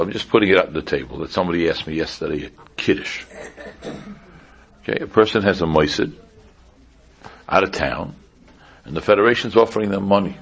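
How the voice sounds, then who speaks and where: A rabbi delivers a relaxed Torah class in a deep voice with a gravelly, fried edge. His tone is husky rather than clear. He talks casually and keeps circling back to sharp rhetorical questions. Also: dull audio. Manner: conversational, repeats pointed rhetorical questions. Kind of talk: informal Torah lecture.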